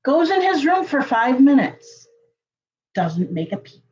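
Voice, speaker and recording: A woman telling a story to her viewers in a casual, chatty way, full of fillers and lively jumps in pitch. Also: unhurried, muffled recording. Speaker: channel host.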